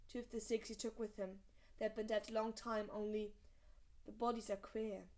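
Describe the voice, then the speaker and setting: A woman's voice: mid-range voice, flat delivery, moderate pace, natural voice. A woman reading aloud, voicing an earnest, troubled young man in her own voice.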